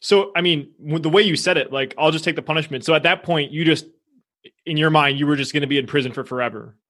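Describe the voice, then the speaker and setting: Brief: quick-paced male host, slightly high, curious interviewer. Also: sharp tone. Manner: brisk, curious, short affirmations. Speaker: podcast host. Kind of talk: interview questions.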